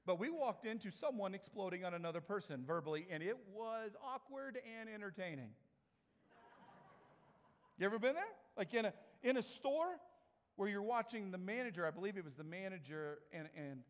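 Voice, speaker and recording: A man giving an animated storytelling talk with laughing asides. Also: high voice, moderate pace, big-room sound. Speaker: speaker.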